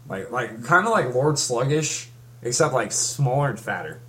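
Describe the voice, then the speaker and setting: A man's voice: medium pitch, lively intonation, moderate pace, a bit bright. A young man in casual chat, rambling through a story with many restarts and fillers. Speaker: fan recapping a comic.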